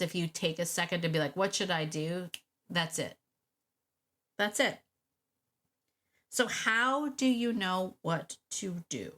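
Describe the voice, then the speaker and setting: A woman dog trainer hosting a solo podcast, speaking directly to listeners in an animated, encouraging way and repeating her key points. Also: mid-range voice. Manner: animated, repeats key phrases, acts out quick quoted thoughts. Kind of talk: solo podcast coaching talk.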